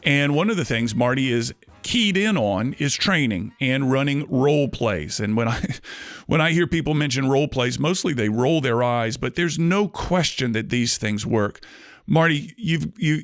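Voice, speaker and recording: A man hosting an interview podcast, asking questions in a measured, conversational way. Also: mid-range voice, animated, no room sound, studio quality. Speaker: podcast host.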